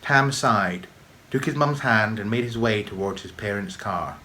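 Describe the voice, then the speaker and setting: A man reading aloud his own children's story with expressive, measured storybook narration. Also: on the low side, slight background noise.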